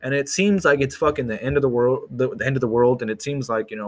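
A young man talks in a loose, rambling monologue. He swears freely and circles back on his own phrases, restarting them again and again. His voice sits at an ordinary middle pitch for a man. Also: quick pace, few pauses. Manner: rambling, profane, repeats himself often. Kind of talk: casual opinion monologue.

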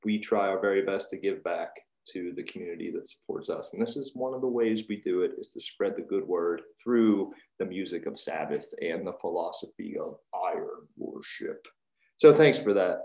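A man hosts a podcast with an energetic, jokey hype-man delivery. His voice sits a bit low. The sound is roomy and echoey, coming over a video call. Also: normal speed, vocal fry. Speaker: podcast host. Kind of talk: upbeat podcast intro and promo chat. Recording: roomy echo.

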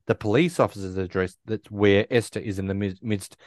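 Fairly low-pitched and steady, this podcast co-host talks fairly quickly with a darkish tone, recorded in studio quality with no room sound. In a relaxed film chat, he retells the story in a rambling way, full of restarts and quoted lines.

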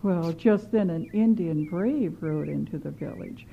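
A woman telling a children's story in an animated way, with chatty asides to the kids. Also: sits low, measured pace, vocal fry. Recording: slightly muffled with faint hiss.

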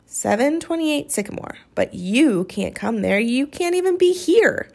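A woman reading aloud, voicing a wary, sharp-tongued schoolgirl who talks skeptically and brusquely. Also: high voice, sing-song, measured pace, gravelly, voice pushed up, full character voice. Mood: impatient.

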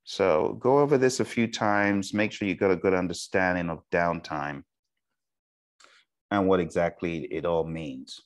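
In a recorded online lecture, an exam prep instructor speaks slowly with a deep male voice. He keeps his pace deliberately unhurried and repeatedly checks in with "okay?" and "all right?"

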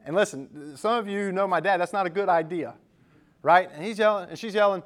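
A man with a high-pitched voice preaching to his church in an earnest, emphatic manner. He shifts easily into conversational storytelling. His delivery stays direct and persuasive. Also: a little fast, a bit bright. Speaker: pastor. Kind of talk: sermon.

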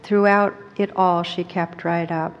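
Low-voiced woman teacher in an echoey hall. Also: flat delivery, measured pace. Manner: casual, laughs at her own asides. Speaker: meditation teacher. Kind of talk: talk to a group, then reading a story aloud. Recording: dull recording with a long hall echo.

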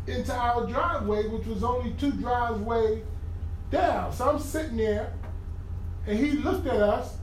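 A man delivers a casual, humorous sermon, punching his points with emphasis. He sits well back from the microphone, so his voice rings around a reverberant room, with a faint hiss underneath. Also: extremely high pitch. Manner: animated, humorous, emphatic storytelling. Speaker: preacher. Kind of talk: conversational sermon with personal stories. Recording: echoey room from far off.

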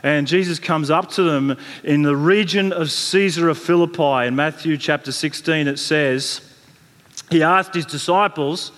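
A fairly high-voiced man preaches a sermon in a relaxed, storytelling manner, often restarting and doubling his words. His voice carries a long reverb from the large hall around him. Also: unhurried. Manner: conversational storytelling with frequent restarts and repeated words.

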